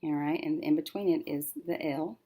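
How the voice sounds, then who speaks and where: A woman teacher working through a syllable-division lesson, thinking aloud and slowly sounding out each syllable as she writes. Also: low-pitched, steady tone, warm tone. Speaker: reading teacher.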